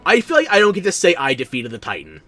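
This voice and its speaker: A man's voice: high-pitched, huge pitch swings, fast, pushed and bright. Sleepy guy doing a lets-play, dry jokes at the game, voice bobs up and down a lot, faint music under him. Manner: sleepy, sarcastic asides to the game. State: tired and yawning. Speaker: streamer playing a video game. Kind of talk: casual let's-play commentary.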